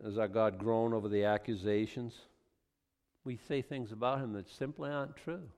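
A pastor preaching a sermon, reading scripture quietly and then building to loud, emphatic exhortation. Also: male voice, lowish voice, fairly even intonation, moderate pace. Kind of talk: expository sermon. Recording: long hall reverb.

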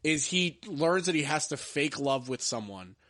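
A man's voice: a little high, expressive, normal speed, fairly bright tone, no room sound, studio quality. A man hosting a podcast, chatting casually about movies he ranks, rambling with lots of filler words. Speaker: podcast host. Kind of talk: casual movie-ranking chat.

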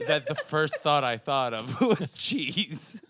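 A man's voice: fairly high pitch, big pitch swings, slow, sharp tone, no room sound, clean studio sound. A man co-hosting a casual podcast, chiming in with short, giggly remarks. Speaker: podcast co-host.

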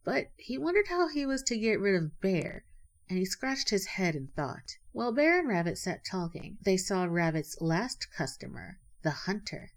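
A woman reading a storybook aloud as narrator, gently and evenly. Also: mid-range voice, sing-song, normal speed.

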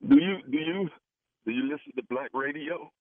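A man's voice: fairly high pitch, normal speed, no echo. A man making a prank phone call on a radio show, persistent and pleading, repeating himself. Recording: tinny phone line, dry.

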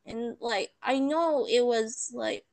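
A woman's voice: a little high, slow, gravelly, darkish tone. A young woman, chatting casually and emotionally retelling a bad experience. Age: young adult. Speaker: storyteller. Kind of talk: casual chat.

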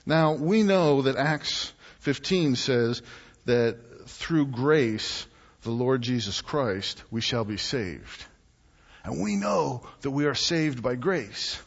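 A man preaching a sermon as pastor, telling stories and acting out quotes with animated delivery. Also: medium pitch, slow, vocal fry, slightly rough. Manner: animated storytelling with acted-out quotes. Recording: muffled sound in a reverberant hall.

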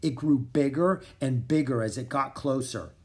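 A man narrating a children's storybook in an expressive, dramatic reading style. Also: medium pitch, moderate pace. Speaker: audiobook narrator.

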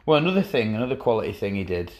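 A man's voice: fairly low pitch, very animated, rapid-fire, a little mellow. Teasing, sardonic man in casual banter. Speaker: podcast co-host. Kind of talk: casual chat.

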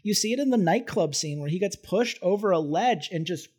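A man with a high voice talks films in a casual podcast. He is earnest and analytical, restarting phrases as he builds a point. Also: animated, a little fast, darkish tone. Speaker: podcast film reviewer. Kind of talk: casual chat.

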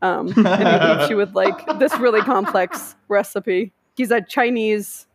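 A woman chatting casually on a podcast, talking quickly with many "likes" and restarts. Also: mid-range voice, a crowd in the background. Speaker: podcast co-host. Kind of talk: casual chat.

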